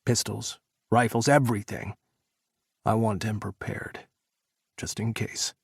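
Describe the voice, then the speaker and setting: A man voicing a gruff, tense male agent who talks in a clipped, growling way. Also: lowish voice, flat delivery, unhurried, no echo, clean studio sound, full character voice. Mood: urgent.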